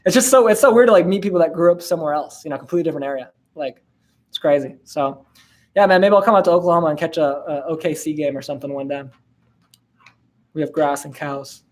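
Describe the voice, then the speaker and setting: A man's voice: on the high side, very fast, a little mellow. A man in his twenties hosting a casual live-stream Q&A, laid-back and slangy, with lots of fillers and laughs. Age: 20s. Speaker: host answering viewer questions.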